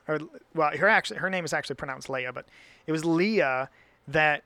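A man's voice: on the high side, brisk, sharp tone, smooth, dry recording. A man in casual Bible study talk, rambling and correcting himself with many fillers.

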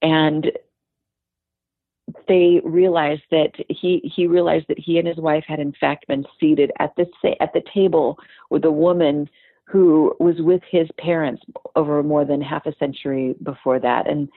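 A woman co-hosting a talk show, telling a long story in a lively way with fillers and restarts. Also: deep voice, measured pace, no echo. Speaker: podcast co-host. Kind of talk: storytelling conversation. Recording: thin phone-like audio.

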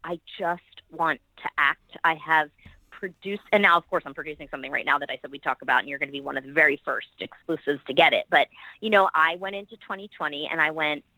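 A woman's voice: deep voice, steady tone, fast talker, sharp tone, dry recording, rough recording. A middle-aged woman, an actress and producer, talking about her projects in a podcast interview in an enthusiastic, rambling way, full of praise for her colleagues.

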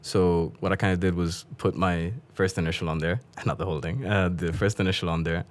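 A very deep-voiced man talks easily as a guest in a casual interview. He is chatty and tells stories with frequent laughs. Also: steady tone, fairly quick. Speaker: guest, comedian.

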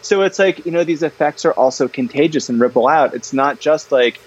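A man guesting in a casual interview conversation, talking about his books in an animated, chatty way, full of fillers and restarts. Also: on the high side, fairly quick, husky, highs cut off. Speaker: guest, parenting author.

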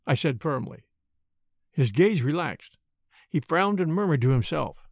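Male narrator, first-person novel reading, measured delivery; dry, close-miked sound. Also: on the high side, animated, creaky, no room sound. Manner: measured storytelling, characters' lines read with hesitation. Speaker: audiobook narrator.

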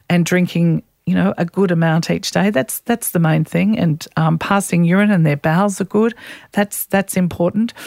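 A middle-aged woman hosting a podcast in casual chat, talking in quick bursts, restarting phrases and laughing often. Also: lowish voice, darkish tone, no room sound, studio quality. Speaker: podcast host.

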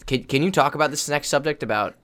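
A man's voice: on the high side, fast, a bit bright. A man, a college volleyball player, hosting a casual podcast in a playful, interrupting way. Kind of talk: casual chat.

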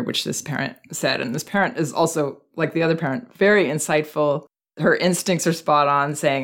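A woman hosting a parenting advice podcast, talking calmly and gently, thinking aloud with small restarts. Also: low-pitched, moderate pace. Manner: calm, gentle, reflective with many restarts.

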